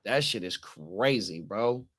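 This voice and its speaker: A man's voice: lowish voice, lively intonation, takes it slowly, over a noisy crowd. A man co-hosting a casual podcast, laid-back and slangy, who reads out viewer comments. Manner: laid-back, slang-heavy, repeats affirmations. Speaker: co-host reading chat comments.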